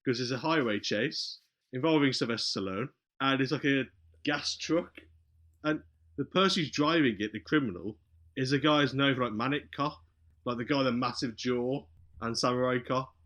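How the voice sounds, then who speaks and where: Through a muffled recording, a man with a mid-range voice retells a movie's plot at normal speed on a podcast. He keeps it casual and animated, playing out the characters' lines as he narrates.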